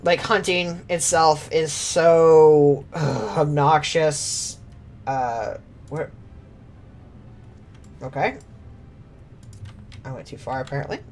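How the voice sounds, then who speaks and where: A woman's voice: low-pitched, fairly even intonation, slow, long pauses, a little mellow. A young woman streaming a game, giggly and rambling, who swears casually as she comments.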